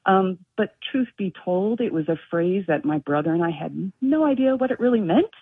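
A woman's voice: medium pitch, lively intonation, normal speed, breathy edge, no room sound. A woman calling in to a radio show, telling a story in a chatty way. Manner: chatty storytelling, laughs often. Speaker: caller. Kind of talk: phone-in call. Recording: phone line.

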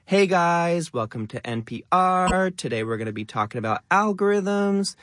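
A man's voice: high-pitched, expressive, moderate pace, a bit bright, no room sound, clean studio sound, voice pushed up. A man imitating a perky young lifestyle influencer with rising upspeak and stretched vowels.

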